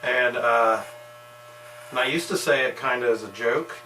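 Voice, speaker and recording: A man's voice: medium pitch, unhurried, sharp tone, echoey room. Barber, male, laid-back folksy talker, mid-range voice, mic a bit far off with humming clippers behind. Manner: easygoing, folksy, rambling. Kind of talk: casual chat while cutting hair. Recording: distant mic with electrical hum and clipper buzz.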